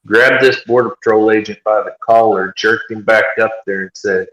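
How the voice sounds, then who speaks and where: A man telling a story in casual chat, animated, and acting out what other people said. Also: on the low side, normal speed. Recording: echoey room.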